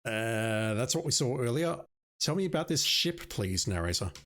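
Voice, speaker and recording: A man's voice: mid-range voice, sing-song, normal speed, a bit bright. A man playing an old adventure game and commenting with wry, self-mocking asides. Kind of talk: let's play commentary.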